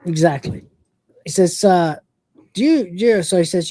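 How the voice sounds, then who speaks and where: Rambling male podcast host, mellow tone. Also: a little high, lively intonation, normal speed, husky, no echo. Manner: rambling with many fillers, acts out quoted lines. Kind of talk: casual review chat.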